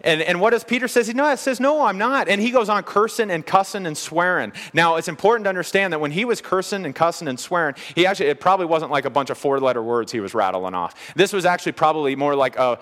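A man's voice: on the high side, lively intonation, fast, hardly any pauses, a bit bright. A man preaching an expository sermon as a pastor, earnest and conversational, repeating key points for emphasis. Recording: long reverb of a large hall.

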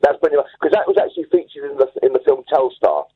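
A man's voice: mid-range voice, very animated, fast, slightly rough. Rambling male caller on a tinny phone line. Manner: enthusiastic, rambling, self-assured. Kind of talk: phone-in storytelling. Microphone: telephone.

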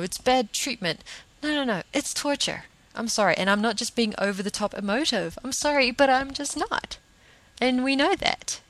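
A woman's voice: medium pitch, fairly bright tone, low-quality recording. A woman, hosting a solo podcast in an earnest, emphatic, rambling way. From New Zealand. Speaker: podcast host.

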